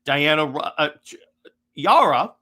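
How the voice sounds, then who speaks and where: A man's voice: fairly high pitch, lively intonation, slow, sharp tone. A man giving a casual, exasperated critique of a comic run, rambling with frequent restarts.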